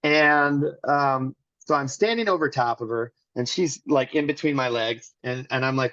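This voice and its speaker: A man's voice: medium pitch, normal speed, sharp tone, no echo. Guy rambling through a personal story, mid voice, dry kinda dull recording. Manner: rambling, restarts often, acts out quotes. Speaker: interview guest.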